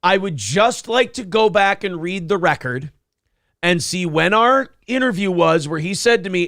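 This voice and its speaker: A man's voice: sits high, expressive, moderate pace, fairly bright tone, no room sound, clean studio sound. Rambling, swearing male show host. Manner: rambling, swears a lot, self-mocking. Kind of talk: casual chat show banter.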